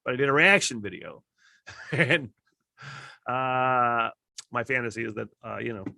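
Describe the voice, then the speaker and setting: A middle-aged man from Michigan hosting a casual solo podcast, rambling and swearing, getting worked up and loud at times. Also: mid-range voice, unhurried, vocal fry, no room sound, clean studio sound. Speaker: podcast host.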